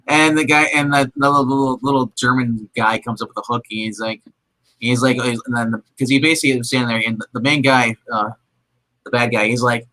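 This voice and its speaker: A man co-hosting a movie review show in casual chat, acting out characters in quick voices and laughing often. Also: medium pitch, pushed and bright, rough recording.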